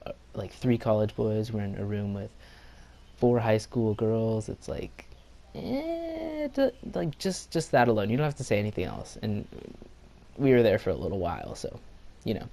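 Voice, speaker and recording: A man's voice: lowish voice, lively intonation, moderate pace, gravelly, warm tone. A young man telling a personal story in a casual vlog, rambling with lots of fillers and quoted dialogue. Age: young adult. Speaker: vlogger.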